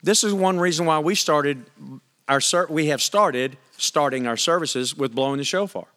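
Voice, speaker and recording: At a moderate pace, a man preaches with a slightly bright voice that sits a little above normal male pitch. This pastor reads scripture aloud, chats with the congregation, and uses emphatic questions to push his arguments.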